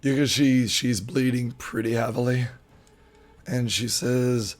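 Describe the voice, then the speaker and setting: A man's voice: medium pitch, fairly even intonation, slow. A man running a tabletop role-playing game as game master, describing scenes in loose, filler-heavy narration.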